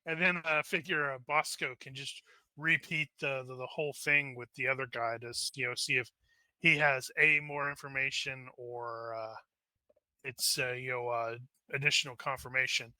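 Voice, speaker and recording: Bright, joking man playing a tabletop game. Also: mid-range voice, steady tone, clean tone, no echo. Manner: quick, joking, trails off in restarts. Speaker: player. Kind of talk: casual tabletop game chat.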